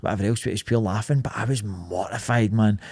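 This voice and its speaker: A man with a Scottish accent, a podcast co-host, telling a story in animated, sweary casual chat. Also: on the low side, a little fast, breathy edge, no echo.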